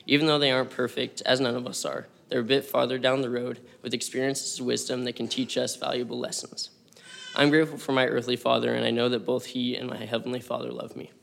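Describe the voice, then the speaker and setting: A young man reads his prepared church talk in a flat, level tone that hardly rises or falls. His voice has a gravelly edge, and he keeps an even, scripted delivery from start to finish. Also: mid-range voice. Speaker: church speaker. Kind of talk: read sacrament meeting talk.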